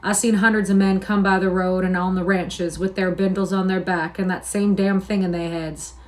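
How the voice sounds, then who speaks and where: A woman's voice: mid-range voice, level tone, lightly acted. A woman reading aloud and voicing a lonely, scornful older male stable hand with a drawling, persuasive manner. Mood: brooding, persuasive. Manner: drawling, persuasive, slow musing.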